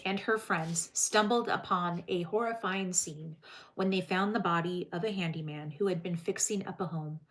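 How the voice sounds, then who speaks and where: A woman's voice: lowish voice, a bit bright. Chatty woman reading crime news. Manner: reads news aloud, breaks off to chat with live chat. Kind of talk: casual livestream chat.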